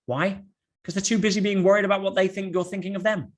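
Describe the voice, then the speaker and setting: Animated, fairly high-voiced male podcast guest. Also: fast talker. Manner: animated storytelling with rhetorical questions and restarts. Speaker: podcast guest, motivational speaker. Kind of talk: podcast conversation.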